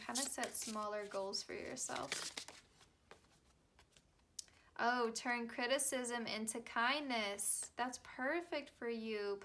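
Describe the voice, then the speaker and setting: Against a noisy background, a young woman with a voice on the high side does a relaxed, talkative tarot reading, full of fillers as she reassures her viewers.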